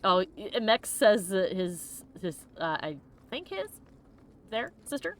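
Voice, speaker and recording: A woman's voice: mid-range voice, big pitch swings, slow pace. A woman playing a video game for a let's play, chatting casually, giggling and exclaiming often. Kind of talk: casual gameplay chat.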